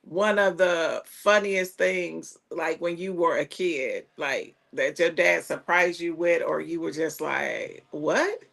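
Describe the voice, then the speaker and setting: Woman asking questions, real slow, high voice with some gravel in it. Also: fairly bright tone. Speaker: interviewer. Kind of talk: casual interview chat.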